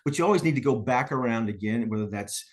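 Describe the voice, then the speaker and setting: A man's voice: mid-range voice, expressive, quick pace. Story-telling man, frequent "right?" checks. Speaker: guest business coach. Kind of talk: conversational podcast interview.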